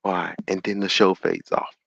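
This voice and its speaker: A man hosting a call-in show, retelling a story in an animated, sermon-like way and acting out the quotes. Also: lowish voice, a little slow, no room sound, muffled recording.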